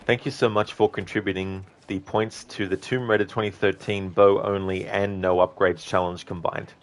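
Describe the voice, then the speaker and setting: A man's voice: deep voice, flat delivery, normal speed. A man casually commenting on his live game stream, answering and thanking viewers in chat with frequent ums and self-corrections. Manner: chats with viewers, reads and answers chat messages. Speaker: livestreamer.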